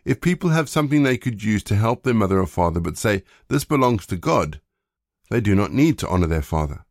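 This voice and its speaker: A man reading the lines of Jesus as a calm, measured male teacher in a plain voice. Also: on the low side, no echo, clean studio sound. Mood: steady.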